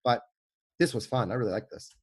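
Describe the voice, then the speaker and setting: A man's voice: medium pitch, brisk, darkish tone, husky. A man from the UK co-hosting a podcast, talking in a rambling, enthusiastic way. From United Kingdom. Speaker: podcast co-host. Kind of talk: casual chat.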